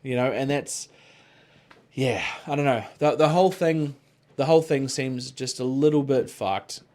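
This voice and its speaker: A man's voice: medium pitch, unhurried, darkish tone. A man co-hosting a podcast, rambling in casual chat, swearing freely and padding his talk with filler words. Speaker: podcast co-host.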